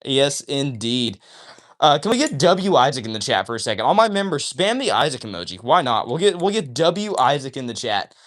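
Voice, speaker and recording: Excitable man hosting a livestream. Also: fairly high pitch, fast talker, few pauses. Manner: excitable, repeats "all right?" often; talks while flipping a balisong. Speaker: livestream host. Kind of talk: casual livestream chat.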